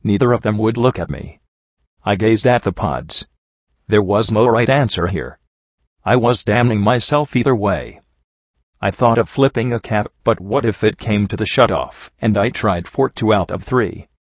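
A man with a low voice narrates a first-person story, measured and somber. The recording is dull and close, with no room sound. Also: lively intonation, dry recording. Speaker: audiobook reader.

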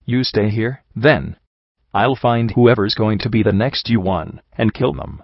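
A man reading a storybook, voicing a grieving young male pony who pleads in a soft, rushed way. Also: on the low side, gravelly, no room sound. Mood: desperate. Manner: soft, rushed, sobbing pleas. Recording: dull dry recording.

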